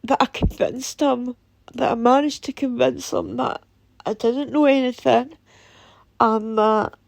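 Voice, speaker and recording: A Scottish woman telling a painful personal story in a halting, somber way, with many pauses and restarts. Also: fairly high pitch, fairly even intonation, vocal fry, darkish tone, dry recording. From Scotland. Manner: somber and emotional. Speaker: vlogger. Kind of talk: personal testimony.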